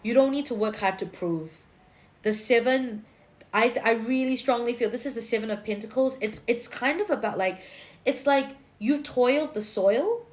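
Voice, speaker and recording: Fairly high-pitched and lively in intonation, a woman reads tarot on a livestream at a normal speed. She addresses viewers bluntly and chattily, tossing in the particles "lah" and "leh."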